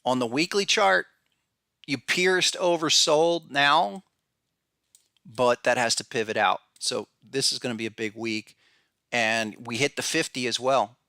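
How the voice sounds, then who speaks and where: Guy with a gravelly edge rambling thru chart analysis, lots of restarts, dry close sound. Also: mid-range voice, unhurried, pushed and bright, no echo. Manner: rambling, many restarts and fillers, addresses viewers by name. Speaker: podcast host and trading analyst. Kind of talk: casual market analysis talk.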